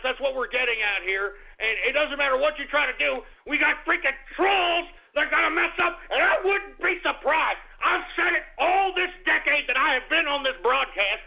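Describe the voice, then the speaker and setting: A man's voice: very high voice, creaky. A man hosting an internet radio show, ranting in exasperation and cursing, with frequent sighs. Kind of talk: ranting call-out monologue. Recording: tinny phone-like line.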